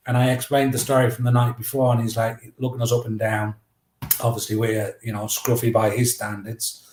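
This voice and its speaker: Middle-aged guy spinning a yarn, mid pitch, echoey room. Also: a little fast. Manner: lively, anecdotal, acts out dialogue. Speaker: guest, memoir author. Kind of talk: casual storytelling. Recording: roomy echo.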